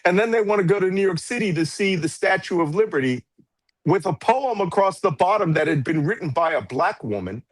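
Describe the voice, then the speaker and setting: A man, in a heated political interview. He talks bluntly and sarcastically and keeps slipping in mocking asides. His voice sits a little high for a man and sounds dry and close, with no room echo. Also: animated, a little fast. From United States. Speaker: political commentator guest.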